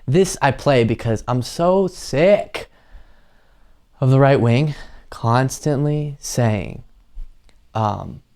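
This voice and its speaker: A man's voice: medium pitch, expressive, takes it slowly, long pauses, a little mellow. A man hosting a political commentary show, talking casually and with open opinions between news clips. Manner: conversational, opinionated, frequent um fillers.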